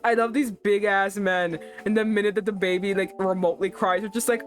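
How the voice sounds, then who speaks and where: A woman streamer reading a romance game aloud and reacting with animated, profane asides. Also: mid-range voice, brisk, faint music behind.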